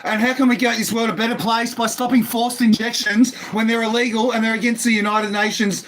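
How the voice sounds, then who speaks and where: Agitated man with a very high voice. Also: little pitch movement, fairly quick, slight background noise. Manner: agitated, pleading, swearing, bursts of shouting. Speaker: resident confronting police at his door. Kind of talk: heated argument. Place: indoors behind a closed door. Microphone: phone recording.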